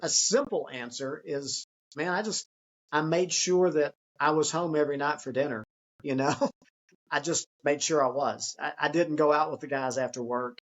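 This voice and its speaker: An earnest man talks through his ideas in an unhurried, reflective way. His voice sits a bit higher than most men's. The sound is muffled and lo-fi. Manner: earnest, acts out children's excited voices. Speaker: author and guest. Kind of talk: conversational interview.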